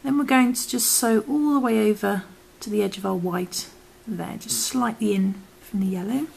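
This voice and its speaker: Soft-spoken woman, gravelly and half-whispered. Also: mid-range voice, normal speed, slight background noise, rough recording. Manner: soft, half-whispered instructions while working. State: losing her voice. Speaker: crochet teacher. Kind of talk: step-by-step craft tutorial.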